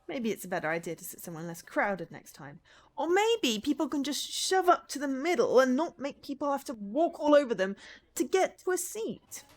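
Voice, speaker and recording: A woman streaming a visual novel, reading the story aloud and breaking in with chatty asides. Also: on the low side. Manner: lively, chatty asides between read lines.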